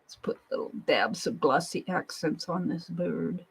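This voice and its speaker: A woman talks her way through an art journal page at her craft desk, unhurried and easygoing. She chats to viewers and herself, dropping into soft murmured asides as she works. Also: low-pitched, creaky, breathy edge, poor audio. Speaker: art journaling livestream host. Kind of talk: casual crafting narration.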